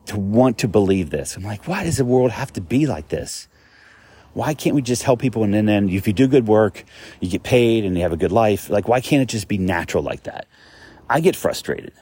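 A middle-aged man talks through healthcare costs in an earnest, rambling, conversational way, often growing animated and emphatic. His voice is low, mellow and somewhat husky. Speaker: healthcare cost advisor. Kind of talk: casual explanatory talk.

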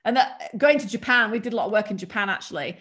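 English woman, mild accent, guest chatting, lively storyteller, laughs along. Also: medium pitch, fast. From England. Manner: chatty, animated, laughs while telling stories. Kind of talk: casual storytelling.

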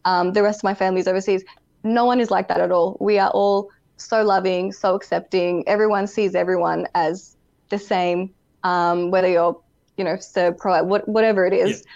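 A woman's voice: medium pitch, fairly even intonation, moderate pace, gravelly, darkish tone, highs cut off. A young woman, a pageant contestant, chatting as a guest in a live interview over a video call. She is bubbly, giggles often, and says "like" a lot. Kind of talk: casual interview chat.

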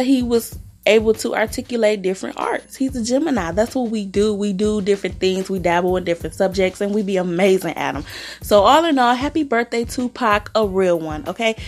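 A woman's voice: mid-range voice, darkish tone. A woman hosting her own podcast, sassy and chatty about celebrity gossip, calling listeners honey and girl. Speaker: podcast host. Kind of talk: casual celebrity gossip chat.

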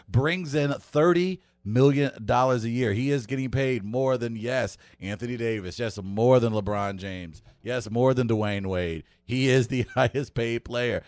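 A man hosting a casual sports talk show who laughs often and hammers his points with animated emphasis. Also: medium pitch, no room sound. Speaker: radio show host.

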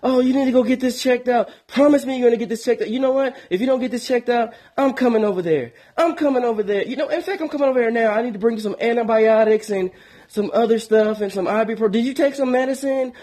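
A woman's voice: fairly high pitch, quick pace, mellow, voice pushed up, lightly acted. A man doing a fussing, worried girlfriend. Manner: fussing, insistent. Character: worried, bossy female friend.

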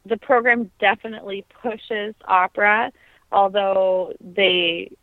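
Over a tinny, phone-like line with a dry sound, an opera singer in her thirties talks conversationally as a podcast guest. She recounts her story earnestly and reflectively, often saying um, in a mid-range voice with fairly even intonation and a slow pace.

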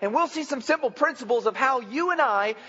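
A man's voice: extremely high pitch, animated, a little fast, pushed and bright. A man preaching a sermon in a folksy, joking, conversational way. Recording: dull lo-fi with long hall reverb.

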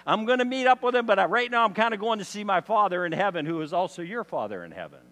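A man voicing a gentle, patient figure who speaks casually and insists calmly. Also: high-pitched, quick pace. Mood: gently insistent. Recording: long hall reverb.

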